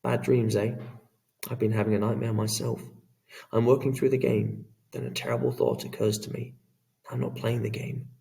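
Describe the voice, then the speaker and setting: A man's voice: mid-range voice, level tone, normal speed, gravelly, mellow, recorded from a distance, close to an everyday voice. A man voicing a worried middle-aged father in an audiobook, firm and clipped when he gives orders. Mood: weary.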